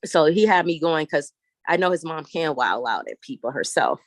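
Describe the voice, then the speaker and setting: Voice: medium pitch, expressive, moderate pace, dry recording. A vlogger telling a long story in an exasperated, profane rant while walking around and filming on a handheld phone. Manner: profane, exasperated and blunt, rambling. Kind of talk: ranting vlog storytelling.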